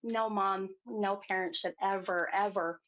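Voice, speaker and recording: A woman hosting a psychic show, giving a gentle reading to a caller and calling her hon. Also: medium pitch, steady tone, a little slow. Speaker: psychic medium host. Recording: muffled lo-fi sound.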